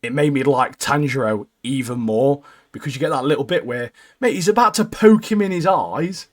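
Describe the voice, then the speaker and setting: A man chatting casually about an anime episode as a podcast co-host. His voice sits at an ordinary middle pitch, and he talks with animated energy, tossing "mate" into most sentences. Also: normal speed. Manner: animated, keeps adding "mate", jumps into high squeaky voices when quoting characters. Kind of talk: casual anime recap chat.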